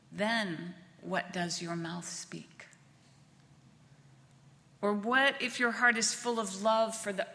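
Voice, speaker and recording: A woman minister giving a reflective sermon, speaking gently and letting words trail off softly. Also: fairly low pitch, gravelly. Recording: long reverb of a large hall.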